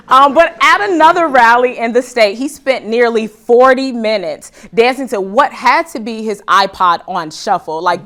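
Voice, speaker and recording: A woman's voice: a little high, fairly bright tone. Woman, talk show host, comedic monologue, joking, calls crowd y'all, live studio audience.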